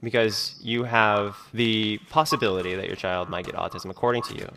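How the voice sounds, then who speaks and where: A man's voice: on the low side, fairly even intonation, a little fast, sharp tone. A man talking in a rambling vlog monologue, full of fillers like "like" and "you know". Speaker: video creator being reacted to.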